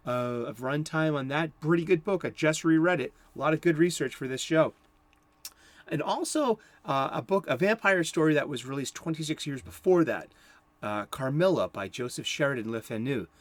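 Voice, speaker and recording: A man giving casual commentary on horror movies, rambling and chuckling, with many restarts. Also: mid-range voice.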